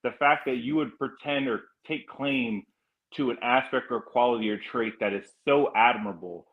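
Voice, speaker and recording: A man's voice: on the high side, phone-quality sound. A man from California hosting a casual panel chat, rambling and restarting his sentences often. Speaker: podcast host.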